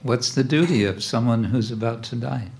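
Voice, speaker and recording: A man's voice: medium pitch, normal speed, creaky, darkish tone, a little hiss or hum, natural voice. A man voicing a cursed king who is about to die and pleads earnestly for guidance. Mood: pleading.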